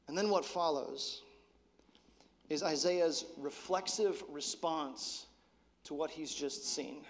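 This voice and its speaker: High-voiced pastor preaching in a hall. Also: male voice, slow. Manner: conversational preaching, drops to soft intensity. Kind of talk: sermon.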